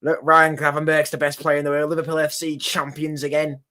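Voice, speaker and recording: Young man, brash and sweary, fairly high pitch, bright edgy tone, casual football reaction. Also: monotone, brisk. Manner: brash, sweary, rambling, mocking. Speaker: football watchalong streamer.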